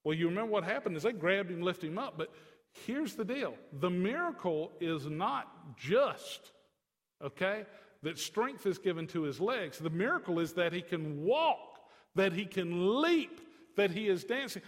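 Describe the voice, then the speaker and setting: A man preaching a sermon in a folksy, joking way, swinging from soft to emphatic. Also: high voice, animated, measured pace, in a large hall. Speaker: pastor.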